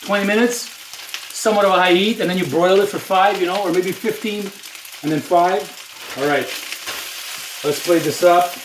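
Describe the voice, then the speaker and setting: A chatty man talks to the camera as he cooks, his fairly high voice a little way off the mic. The kitchen sounds roomy and echoey, with a pan sizzling loudly behind him. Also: moderate pace, long pauses, distant mic, noisy background. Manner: chatty, talks to the viewer with lots of "you know". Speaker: home cook vlogger. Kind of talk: casual cooking video talk. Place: home kitchen. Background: food sizzling in a pan.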